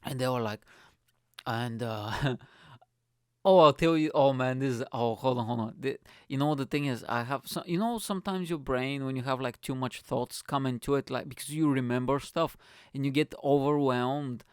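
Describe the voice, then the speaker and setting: A man hosting a podcast, telling a story in an excitable, rambling way and swearing freely. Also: medium pitch, normal speed, clean tone, no room sound, studio quality. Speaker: podcast host. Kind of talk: casual storytelling monologue.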